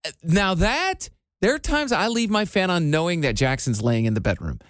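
A man's voice: a little high, a little fast, no room sound. A man in his forties co-hosting a radio show, telling stories in casual banter and acting out quotes. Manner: animated storyteller, acts out quotes.

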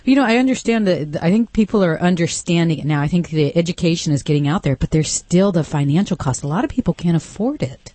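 A woman's voice: on the low side, lively intonation, fast talker, few pauses, warm tone, no room sound. A woman co-hosting a radio talk show, chiming in casually. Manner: chiming in, agreeing. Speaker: radio co-host.

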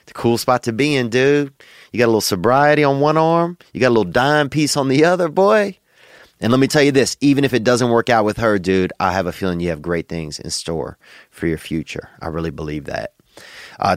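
A man's voice: medium pitch, lively intonation, fairly quick, dry recording, clean studio sound. A young man hosting a podcast in a drawling, slangy, joking manner. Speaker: podcast host. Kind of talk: casual comedic chat.

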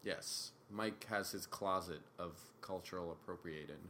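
A man's voice: low-pitched, a little slow, sharp tone, slight background noise. A young man co-hosting a podcast, teasing and sarcastic in casual banter. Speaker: podcast co-host.

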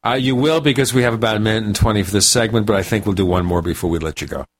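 A man's voice: fairly low pitch, very fast. Chatty male radio host. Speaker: radio talk show host. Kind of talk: casual radio chat.

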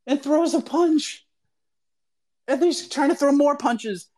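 Exasperated high-voiced man ranting. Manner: exasperated, profane, emphatic. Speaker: show host. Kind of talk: ranting commentary.

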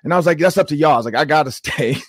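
A man in his forties hosting a sports podcast, telling stories in a casual, animated way with lots of "like". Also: on the high side, very fast, no room sound, studio quality. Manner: animated storytelling with many "like"s. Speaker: show host and former coach.

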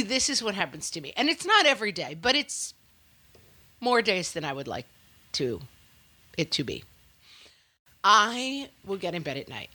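Lively wry mom chatting. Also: female voice, on the low side, breathy edge. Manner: wry, self-mocking, playfully dramatic. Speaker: podcast co-host. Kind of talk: casual chat.

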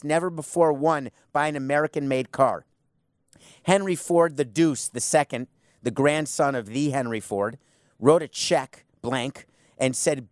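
In clean studio sound with no echo, a man with a mid-range voice hosts sports talk radio. His monologue is opinionated, and he speaks bluntly with a sarcastic edge.

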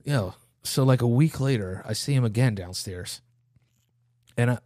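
A man's voice: moderate pace, dry recording, studio quality. A young man co-hosting a podcast, telling stories in a casual, profane way and acting out other people's lines. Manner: animated, profane, acts out quotes in a high voice. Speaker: podcast co-host. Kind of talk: casual chat storytelling.

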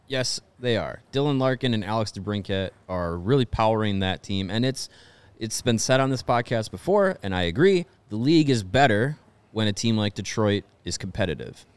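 A man's voice: fairly low pitch, expressive, normal speed, smooth, no echo. A man co-hosting a casual sports podcast, making dry, wry remarks. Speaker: podcast co-host.

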